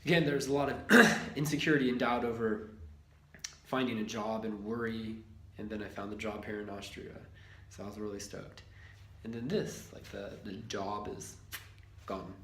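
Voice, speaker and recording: A man's voice: lowish voice, fairly even intonation, moderate pace, a bit bright, a little hiss or hum. A young man telling a rambling personal story in a casual vlog, swearing freely and laughing often. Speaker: lifestyle vlogger. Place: shared house in a ski town. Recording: echoey room.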